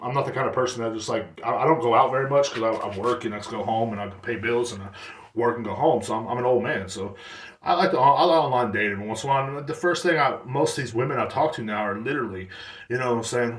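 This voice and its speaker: A podcast host, a man alone at the mic, rambles casually through a solo rant full of blunt profanity and slang. His voice is medium in pitch with a fairly bright tone, and it sounds reverberant and far from the microphone.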